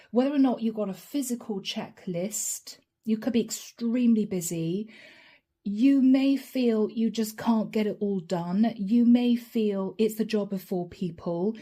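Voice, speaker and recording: A woman's voice: fairly high pitch, mellow. A woman giving a channeled tarot reading, chatting straight to her viewers and laughing often. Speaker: tarot reader.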